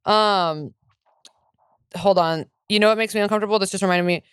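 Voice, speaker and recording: A woman's voice: medium pitch, fairly even intonation, brisk, clear, resonant tone, no echo, clean studio sound. A young adult woman co-hosting a comedy podcast, chatting casually and bluntly with casual swearing. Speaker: podcast co-host.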